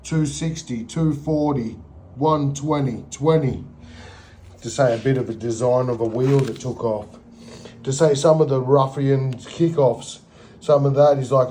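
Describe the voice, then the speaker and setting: A middle-aged man talks over footage in a loose, rambling stream, tossing in slang and little sound effects. His voice sits in a mellow, dark tone at an ordinary pitch. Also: fairly even intonation, unhurried. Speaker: video narrator. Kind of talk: rambling commentary over game or drawing footage.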